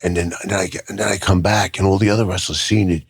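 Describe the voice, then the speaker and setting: An older man, a retired wrestler, telling animated stories as an interview guest and repeating words when he gets excited. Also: deep voice, quick pace, creaky, husky.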